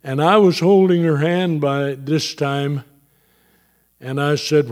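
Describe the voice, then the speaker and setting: An older man delivers a sermon at an unhurried, deliberate pace. His voice sits a little high for a man, and he pauses and restarts as he reads from his notes, then builds into fervent preaching. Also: lively intonation, a little mellow. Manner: slow, halting, reading from notes; rises into fervent preaching on scripture. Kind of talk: sermon testimony.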